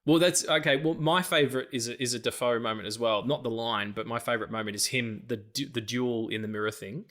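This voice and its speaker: Animated man talking films. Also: mid-range voice. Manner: animated, swearing, acts out lines in quick impressions. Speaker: podcast co-host. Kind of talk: casual film chat.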